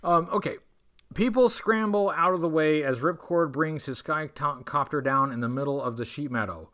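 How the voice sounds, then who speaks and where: A man's voice: on the high side, normal speed, fairly bright tone. A man hosting a livestream, reading an adventure gamebook aloud and breaking off for wry, rambling jokes. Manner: wry, rambling, self-interrupting. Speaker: livestream host.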